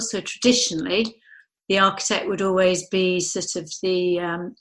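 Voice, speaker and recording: A woman's voice: fairly low pitch, a bit bright, low-quality recording. A middle-aged woman architect talking in an interview, thinking aloud with restarts and lots of "you know". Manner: thoughtful, rambling with restarts and frequent "you know". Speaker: architect guest. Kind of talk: conversational interview.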